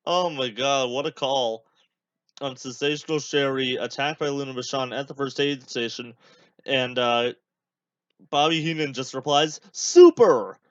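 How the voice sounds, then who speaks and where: A man's voice: medium pitch, steady tone, normal speed, a bit bright, dry recording. Rambling young man on a lo-fi mic. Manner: rambling, many fillers, chatty asides. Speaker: podcast host. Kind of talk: casual watch-along commentary.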